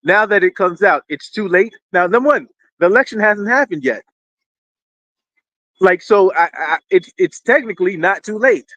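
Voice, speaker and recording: A man hosting casual live-stream commentary, rambling and animated, often repeating words as he restarts. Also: sits high, normal speed, dry recording, low-quality recording. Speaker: political commentary host. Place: indoors near a street with fire trucks.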